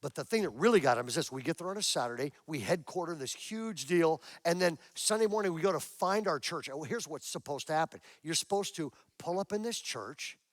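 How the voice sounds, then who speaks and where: A male pastor preaching a sermon, telling a lively story and acting out what people said. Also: a little high, brisk, hardly any pauses, dry recording. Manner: animated storyteller acting out quotes, building to excited.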